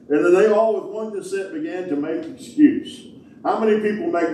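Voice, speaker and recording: Male pastor, folksy joking sermon delivery, mellow tone, heard from a distance in a big echoing sanctuary. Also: sits high, moderate pace, slight background noise. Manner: folksy, joking preacher with Southern-style grammar. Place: large church sanctuary. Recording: echoey hall, distant mic.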